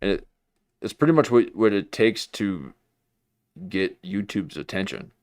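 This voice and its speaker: Low-voiced man rambling on a livestream. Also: lively intonation, measured pace, darkish tone, dry recording, studio quality. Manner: rambling, self-mocking, jumps into mock voices. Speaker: livestream host. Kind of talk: casual livestream commentary.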